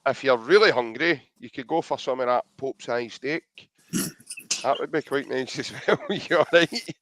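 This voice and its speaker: A man's voice: medium pitch, moderate pace, fairly bright tone, dry recording. A young man with a Scottish accent co-hosting a live podcast, joking around and reading out viewer comments in a casual chat. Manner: jokey, chatty, reads out viewer comments. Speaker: podcast co-host.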